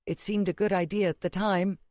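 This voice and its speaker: A woman's voice: medium pitch, steady tone, fairly quick, a little mellow, no echo, studio quality, natural voice. A woman voicing a blunt, stubborn young woman who is the elder sister.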